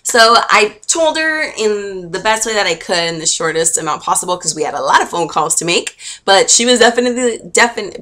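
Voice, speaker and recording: A woman's voice: medium pitch, sharp tone. A young woman vlogger telling a personal story in a gushing, emotional, chatty way with lots of fillers. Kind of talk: casual storytelling to camera.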